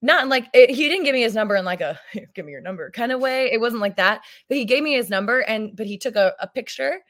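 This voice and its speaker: A woman's voice: on the high side, expressive, fast, fairly bright tone. A woman in her thirties chatting as a podcast guest. She rambles, stumbles over her own sentences and laughs often as she talks. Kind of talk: casual chat.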